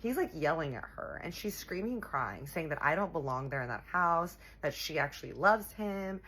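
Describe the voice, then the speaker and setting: Low husky-voiced young woman telling stories. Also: normal speed. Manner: sassy, animated, talks straight to viewers. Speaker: storyteller. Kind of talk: casual storytime.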